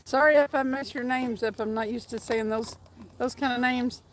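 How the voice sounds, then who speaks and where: A woman's voice: a little high, fairly even intonation, normal speed, noisy background. A woman hosting a fishing livestream outdoors by a stream, chatting casually, laughing often and reading out viewer names. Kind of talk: casual live-stream chat. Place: outdoors by a fast trout stream.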